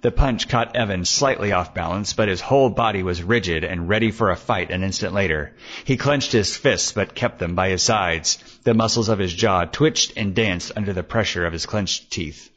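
Low-voiced male storyteller, muffled. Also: fairly bright tone, slightly rough. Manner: measured, then chatty asides. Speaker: podcast storyteller. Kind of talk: scripted narration of a serial story. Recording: dull lo-fi recording.

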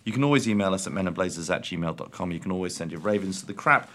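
Dry deadpan english guy on a podcast, lowish voice, lots of ums. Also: racing. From England. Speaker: podcast co-host. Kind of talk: casual comedic chat.

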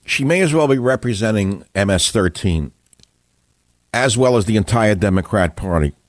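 A man's voice: fairly low pitch, animated, normal speed, no echo, clean studio sound. An older man hosting political talk radio, ranting angrily about taxes and politicians. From United States. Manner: angry ranting. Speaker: radio host.

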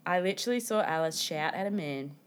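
A woman's voice: lowish voice, fast talker, clean tone. A woman, co-hosting a podcast and telling stories with lots of swearing and acted-out quotes. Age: 20s. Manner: animated storyteller, swears a lot, acts out quotes. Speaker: podcast co-host. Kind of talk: casual chat.

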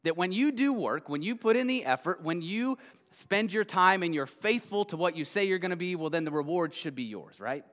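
Man, pastor, casual sermon, slightly higher voice, conversational, long hall reverb. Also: animated, fairly bright tone. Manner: conversational, frequent "right?" checks, quick restarts. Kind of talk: casual sermon retelling a children's story.

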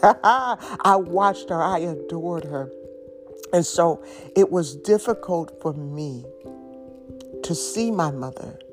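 A middle-aged woman sharing an emotional personal testimony, halting at times with soft laughs. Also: on the low side. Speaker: speaker giving testimony. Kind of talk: slow, heartfelt personal testimony. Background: faint instrumental music.

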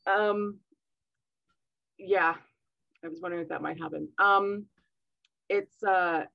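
Animated woman on a muffled call. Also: fairly low pitch, takes it slowly, gravelly, long pauses, no room sound. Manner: animated, acts out quoted dialogue. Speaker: podcast guest. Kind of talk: casual storytelling interview.

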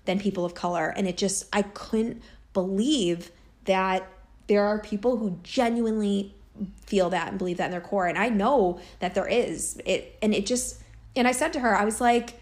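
A woman's voice: medium pitch, moderate pace. A woman vlogger telling a personal story in a casual, earnest way, full of fillers and asides. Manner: earnest, chatty, many fillers like "like" and "you know".

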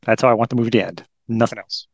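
A man co-hosting a podcast, chatting about a film in a hesitant, halting way and often repeating words. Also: mid-range voice, vocal fry, no echo. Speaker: podcast co-host. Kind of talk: casual movie review chat.

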